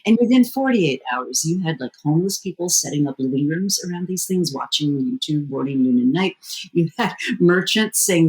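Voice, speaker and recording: A woman being interviewed as a strategy expert, answering fluently and at length, with lively jumps in pitch. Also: moderate pace, rough recording. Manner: fluent and explanatory, with sudden lively rises in pitch.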